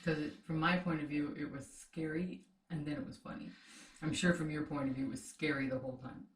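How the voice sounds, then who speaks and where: Woman co-host, low voice, giggly snack banter, distant echoey room. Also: steady tone, brisk. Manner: chatty and giggly, teasing her partner. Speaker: co-host of a snack tasting show. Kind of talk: casual chat while tasting snacks.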